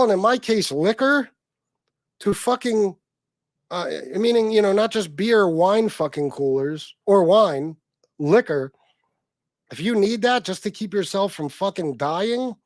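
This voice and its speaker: A middle-aged man from North Carolina hosts a profane livestream rant, his voice sitting a little high for a man. He flares into loud outbursts, then drops to low grumbling mutters. The sound is dry and close, with no room echo. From North Carolina, USA. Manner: angry, sweary, swings between loud outbursts and low mutters. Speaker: livestream host. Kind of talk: profane ranting livestream talk.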